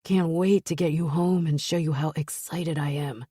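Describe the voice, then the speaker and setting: A woman narrator voicing a brooding, protective husband in a low, husky murmur. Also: steady tone, normal speed, mellow, no echo, studio quality. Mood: tender.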